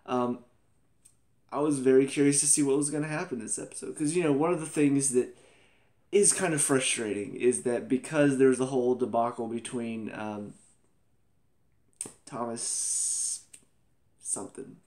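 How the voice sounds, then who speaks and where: A young man in his twenties talking through a TV episode in a casual review vlog. His voice sits in an ordinary middle range. He is animated and exclamatory, and he laughs often as he goes. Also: mid-range voice, a little slow, long pauses.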